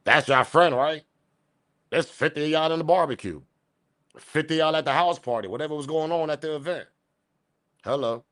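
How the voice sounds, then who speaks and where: A man hosting a live stream, talking in a casual, rambling and slangy way, reacting to a video and shouting out viewers. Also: a little high, normal speed, long pauses, no room sound, clean studio sound. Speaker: host.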